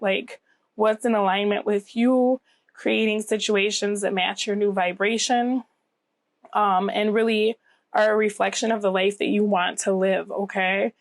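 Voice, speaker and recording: A woman's voice: medium pitch, no room sound. A woman giving a casual tarot reading to camera, a bit scratchy and nasal from a cold she is getting over, reassuring and often checking in with "okay?". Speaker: tarot reader.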